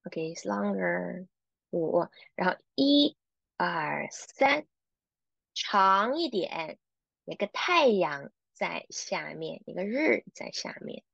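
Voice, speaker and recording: Woman, language teacher, very slow and patient, dry dull lo-fi sound. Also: lowish voice, sing-song, vocal fry, fairly bright tone, no echo. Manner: patient, repeats words, mixes English and Chinese. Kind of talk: vocabulary lesson.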